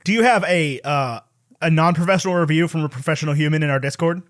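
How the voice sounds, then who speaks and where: A man with a high voice hosts a movie podcast in a relaxed, chatty way. He steers the segment and drops dry, wry jokes. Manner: wry, quick quips, leads the segment. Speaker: podcast host. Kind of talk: casual movie chat.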